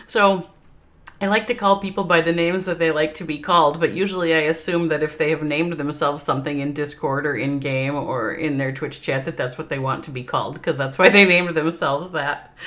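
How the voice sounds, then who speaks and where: A woman with a Minnesota accent provides livestream esports commentary, bantering with her viewers and often laughing. Her voice sits low with a fairly bright tone.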